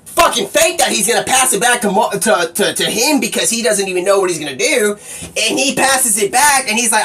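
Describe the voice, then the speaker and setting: Male streamer, excitable profane rambler; distant mic, light background noise. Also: high voice, brisk. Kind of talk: rambling live-stream monologue.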